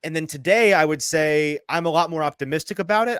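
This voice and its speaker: A man hosting a sports podcast in casual chat, quick and self-deprecating, a little out of breath. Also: fairly high pitch, a bit bright, clear, resonant tone, dry recording. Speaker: podcast host. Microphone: headphones, remote call.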